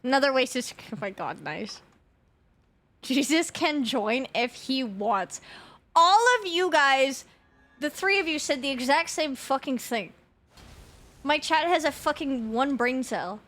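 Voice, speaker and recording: A woman's voice: sits high, lively intonation, a little slow, a bit bright. A young adult woman streaming a game, chatting casually with her viewers in a rambling way, swearing often and laughing a lot.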